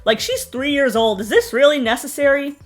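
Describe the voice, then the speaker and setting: A woman's voice: sits high, lively intonation, brisk, faint music behind. A young woman giving snarky, sarcastic recap commentary on a reality show, with mocking asides. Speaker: TV recap host.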